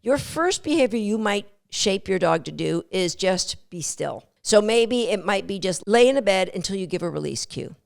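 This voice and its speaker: Brief: female dog-training podcast host, a gravelly edge, lively and coaching. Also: mid-range voice, moderate pace, hardly any pauses. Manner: lively, coaching, acts out dog and owner thoughts. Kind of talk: instructional podcast talk.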